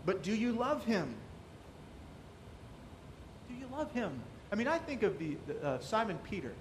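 A man's voice: high-pitched, sing-song, normal speed, a little hiss or hum. A man preaching a sermon as pastor, asking the congregation rhetorical questions and acting out quoted voices.

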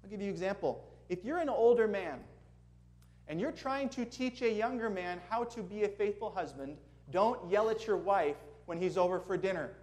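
A man's voice: high-pitched, expressive, normal speed, darkish tone. A man preaching a sermon in a conversational way, asking the congregation questions as he goes. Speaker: pastor.

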